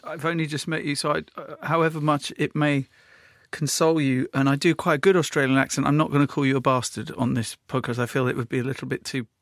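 A man's voice: fairly high pitch, fairly even intonation, fast talker, fairly bright tone, no room sound. A man hosting a podcast interview, chatting playfully with his guest in a studio. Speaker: podcast host. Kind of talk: interview chat. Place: radio studio.

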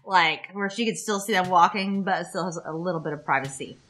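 A woman's voice: on the low side, fairly quick, fairly bright tone. A woman playing a tabletop game, rambling and giggly. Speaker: player.

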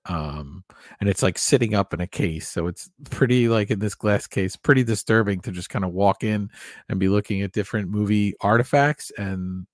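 A man co-hosting a podcast, chatting casually and rambling a little with soft asides. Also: lowish voice, normal speed, no room sound, clean studio sound. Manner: rambling, lots of fillers and restarts, soft-spoken. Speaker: podcast co-host. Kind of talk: casual chat.

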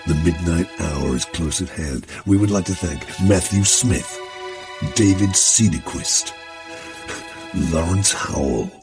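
A man voicing an ominous American movie-trailer announcer, slow and theatrical, reading out a list of names. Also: music in the background. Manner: slow, deep, theatrical delivery. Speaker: podcast co-host.

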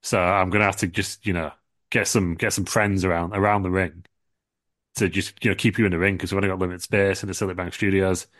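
A man putting on a brash, loud TV cleaning-ad pitchman who talks in a booming, salesy way. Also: flat delivery, quick pace, no echo. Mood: bossy.

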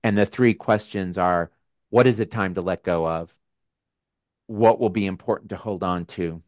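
A man hosting a casual video call with his members, talking in a gentle, musing way with frequent restarts. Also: deep voice, moderate pace, no echo. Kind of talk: casual reflective talk.

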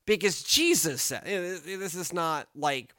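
A man's voice: high-pitched, measured pace, no room sound, studio quality. A man, a pastor, talking casually about scripture in a podcast, rambling and checking in with "right?". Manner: rambling, animated, lots of "right?".

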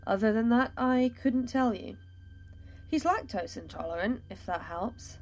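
A woman's voice: fairly high pitch, lively intonation, a little slow. Woman doing a nervous elf guy in disguise, drawling, hesitant, faint music under it. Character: wary young male elf noble in disguise.

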